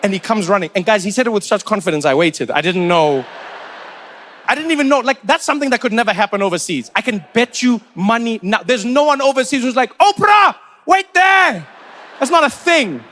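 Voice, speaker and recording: A man from South Africa with a South African accent, telling stand-up stories in a chatty, animated way. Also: sits high, a little fast. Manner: chatty, animated, acts out the voices of others. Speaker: stand-up comedian. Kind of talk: stand-up comedy storytelling.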